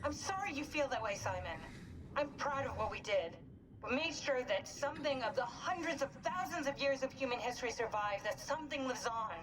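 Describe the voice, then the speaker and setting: A resigned woman survivor in a game, high and lively in pitch, explaining steadily with a patience that wears thin. The voice sits back from the mic with loud ambient noise behind it. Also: fairly quick. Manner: steady, patient explaining, turns sharp and insulting. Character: calm, resigned woman survivor, blunt when pushed.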